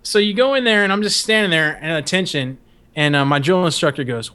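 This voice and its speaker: A young man spins a long story to his co-host on a casual podcast. His voice sits a bit high for a man, and his talk is loose, rambling and full of swearing and laughs. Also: brisk, fairly bright tone, clear, resonant tone. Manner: profane, rambling, laughs often.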